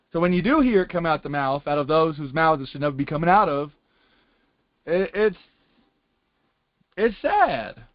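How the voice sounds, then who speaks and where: A man with a high voice gives casual, rambling testimony in a call-in Bible class, speaking in loose colloquial phrases and circling back with "it's like." There's no room sound, but the conference call line sounds dull and lo-fi.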